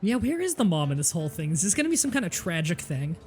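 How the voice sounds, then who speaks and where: A woman streamer joking loudly and crudely while commenting on a game she is playing. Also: on the low side, big pitch swings, fast talker, soft background music. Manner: loud, crude, laughing banter. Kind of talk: casual gameplay commentary.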